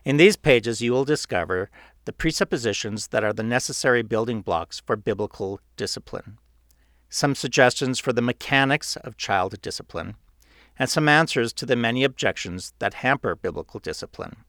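Earnest guy reading an audiobook, middle pitch, super dry close mic. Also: animated, a bit bright, dry recording. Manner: earnest, measured storytelling. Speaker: author reading his own book. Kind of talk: audiobook narration.

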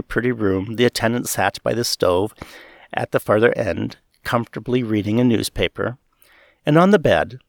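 Man reading a memoir, expressive. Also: on the low side, gravelly, no room sound, studio quality. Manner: earnest, measured, expressive reading. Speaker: reader. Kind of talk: audiobook narration of a memoir.

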